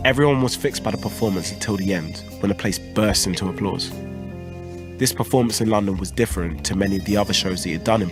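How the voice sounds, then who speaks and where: Low voiced guy narrating a doc, calm scripted read, music under. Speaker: host, narrator.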